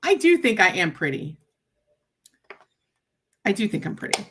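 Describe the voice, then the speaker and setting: A woman's voice: mid-range voice, sing-song, measured pace, a bit bright, breathy edge. A woman chatting on a live stream while she cuts paper crafts, blunt and joking, often laughing and tagging her sentences with "right?".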